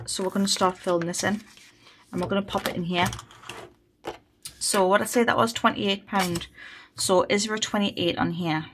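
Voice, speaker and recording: A woman's voice: mid-range voice, fairly even intonation, moderate pace. Chatty woman, noisy home recording. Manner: chatty, thinking aloud, counts money out loud. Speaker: budgeting vlogger. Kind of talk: casual chat while cash stuffing.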